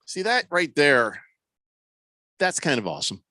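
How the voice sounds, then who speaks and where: A man's voice: fairly high pitch, huge pitch swings, measured pace, sharp tone, no room sound. A man hosting a sports radio show, chatting casually, joking and reading out listener texts. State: losing his voice. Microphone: studio microphone.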